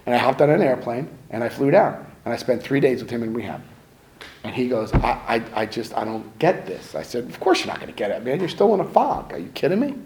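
A man's voice: mid-range voice, sing-song, a little fast, a little mellow, a little hiss or hum, poor audio. A middle-aged man telling stories in a casual, self-mocking way, acting out what people said. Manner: conversational, self-mocking, acts out quotes. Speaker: speaker sharing his story. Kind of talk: casual storytelling talk.

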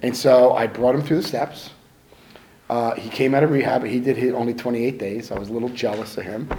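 Briskly and in a steady, medium-pitched voice, a middle-aged man tells casual stories, mocking himself and acting out what people said. Background noise is audible.

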